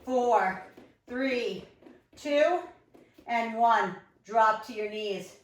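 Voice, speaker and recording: A woman's voice: on the high side, extremely slow. Breathless woman coaching a workout. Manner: energetic, encouraging, counting down reps. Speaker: fitness instructor. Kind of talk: live home workout coaching. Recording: echoey room, mic far off.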